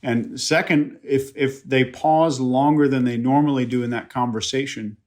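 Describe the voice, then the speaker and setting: A male behavior expert with a mid-pitched, ordinary voice. He lays out his points in a measured, step-by-step way, citing research as he goes. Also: fairly even intonation, a little mellow. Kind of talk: panel discussion.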